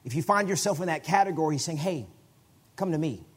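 Guy preaching in church, kinda husky, talks loose and casual then gets loud out of nowhere. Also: on the high side, lively intonation, fast. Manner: conversational preaching with repeated restarts and sudden loud bursts. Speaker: guest preacher. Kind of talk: sermon.

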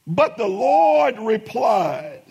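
A man's voice: sits high, big pitch swings, very slow, vocal fry, darkish tone, slightly rough, highs cut off. A middle-aged man preaching a sermon as pastor, with emphatic rising bursts and many repetitions.

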